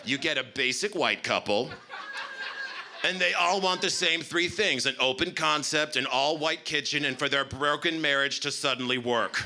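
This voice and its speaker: A man doing a stand-up routine with quick, wry observational patter. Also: a little high, background noise. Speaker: stand-up comedian.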